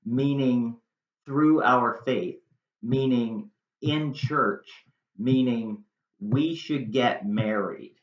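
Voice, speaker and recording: A man's voice: medium pitch, expressive, takes it slowly, long pauses. A man teaching, explaining a monologue line by line in plain, casual modern words. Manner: plain-spoken, paraphrasing into casual modern talk. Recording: echoey room, dull lo-fi sound.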